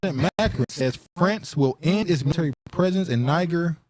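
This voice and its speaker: A man's voice: a little high, expressive, a little fast, dry recording. A man hosting a podcast, reading news headlines aloud and riffing on them in a loose, argumentative chat. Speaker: podcast host.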